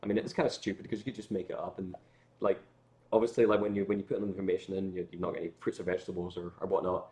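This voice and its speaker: Fast-talking Scottish man, low voice. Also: level tone, mellow. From Scotland. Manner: rambling storyteller with frequent fillers and restarts. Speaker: guest musician. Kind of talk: casual livestream chat.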